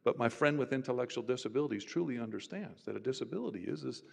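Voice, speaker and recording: A man, a university professor, telling stories in an animated conversational way and voicing the people in them. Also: mid-range voice, fast talker, creaky. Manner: animated, voices others in his stories. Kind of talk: conversational storytelling. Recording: roomy with long reverb.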